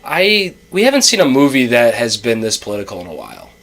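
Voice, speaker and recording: A man's voice: medium pitch, huge pitch swings, a bit bright, soft background music. A young man co-hosting a podcast in casual chat, talking at length and restarting his sentences often. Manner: talkative, quick restarts, explains at length. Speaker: podcast co-host.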